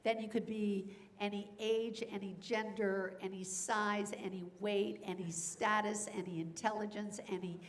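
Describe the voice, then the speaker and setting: A woman who teaches voice acting, speaking on a convention panel in an energetic, demonstrative way and laughing often. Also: mid-range voice, unhurried, few pauses.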